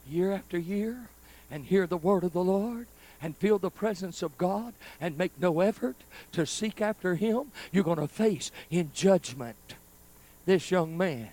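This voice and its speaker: A man preaching a storytelling sermon at a live church service, speaking folksy and direct to the congregation, swinging from loud bursts to hushed asides. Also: high voice.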